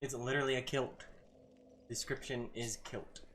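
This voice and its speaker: A man's voice: mid-range voice, steady tone, normal speed, a bit bright, a little hiss or hum. A man streaming a live game session, reading chat aloud and reacting casually to the fight.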